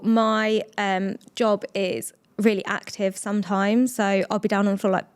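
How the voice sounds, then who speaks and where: A woman in her thirties, a podcast guest, talking openly and at length with quick bursts and restarts. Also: medium pitch, steady tone, smooth. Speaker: podcast guest, blogger and entrepreneur. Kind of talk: candid conversational interview.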